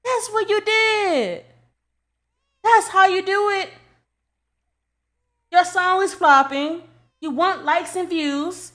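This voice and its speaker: A woman's voice: very high voice, a bit bright. A young adult woman giving a casual commentary rant, blunt and profane, scolding and repeating herself to drive the point home. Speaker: commentary creator.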